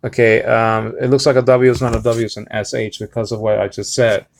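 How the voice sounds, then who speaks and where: A man teaching a Hebrew reading lesson on a live stream, slowly sounding out words syllable by syllable with many fillers and restarts. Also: mid-range voice, little pitch movement, creaky. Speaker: Bible teacher.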